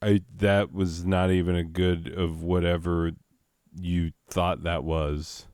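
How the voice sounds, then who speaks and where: A man's voice: sits low, level tone, slow, a little mellow, smooth, no echo, studio quality. A man hosting a comedy video, talking in an exasperated and sarcastic way. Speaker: host. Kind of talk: comedic banter.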